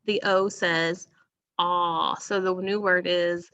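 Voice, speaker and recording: Slow, deliberate woman teaching phonics. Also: lowish voice, flat delivery, fairly bright tone, no echo, muffled recording. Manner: slow, deliberate, encouraging, stretches words for emphasis. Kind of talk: phonics lesson for young children.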